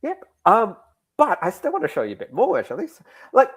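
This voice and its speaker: A man being interviewed about his comics, talking in a lively, casual way with frequent restarts. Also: high-pitched, brisk, slightly rough. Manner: animated, restarts mid-sentence. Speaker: guest comics creator.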